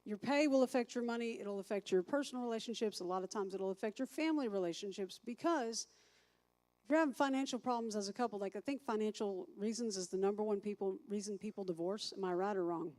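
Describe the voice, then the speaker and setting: A woman's voice: mid-range voice, fast, darkish tone. A woman teaching a recovery class as a sponsor, chatty, thinking aloud and asking the group questions.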